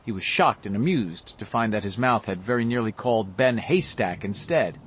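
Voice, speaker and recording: A man reading a novel aloud with expressive, varied delivery, in a dull lo-fi audiobook recording. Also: lowish voice, moderate pace, husky. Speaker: audiobook narrator. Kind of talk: scripted novel narration.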